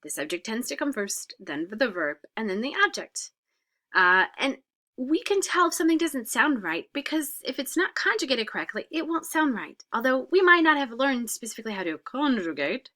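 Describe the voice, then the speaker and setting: A woman's voice: fairly high pitch, very animated, moderate pace, pushed and bright. A woman French teacher explaining grammar in a recorded lesson, patient, with frequent "uh" fillers and whispered examples.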